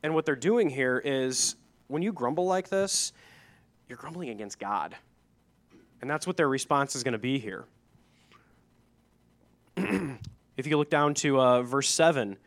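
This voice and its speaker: A man's voice: medium pitch, lively intonation, unhurried, long pauses. A middle-aged man, preaching a sermon in a conversational way, reading scripture and adding asides. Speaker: pastor.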